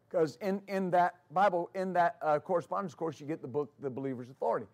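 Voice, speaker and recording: A high-voiced man delivers a sermon as a pastor. He repeats key phrases for emphasis and slips into storytelling with fillers. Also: fast, hardly any pauses, darkish tone. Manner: preaching with emphatic repetition.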